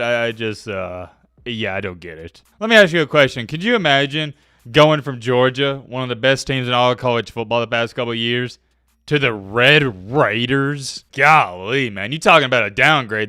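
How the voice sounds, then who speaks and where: Animated sports-channel host, crisp voice. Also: male voice, medium pitch, no room sound, clean studio sound. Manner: animated, playful hype with rhetorical questions and laughs. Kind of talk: casual talk to camera.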